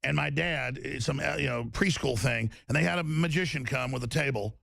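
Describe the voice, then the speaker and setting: A talk radio host in full rant, his words tumbling out with restarts and emphatic swings. His voice is deeply gravelly with constant fry and sits at an ordinary male pitch. It is recorded close and completely dry, with no room sound at all. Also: brisk, fairly bright tone, dry recording. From Texas. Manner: ranting, emphatic, repetitive restarts. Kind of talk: political talk radio monologue.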